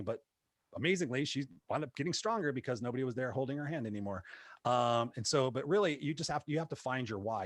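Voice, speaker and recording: A man, a motivational speaker, telling his life story in a casual interview, animated and acting out the voices of people he quotes. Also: mid-range voice, no room sound, studio quality. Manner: animated, acts out quoted voices, many fillers.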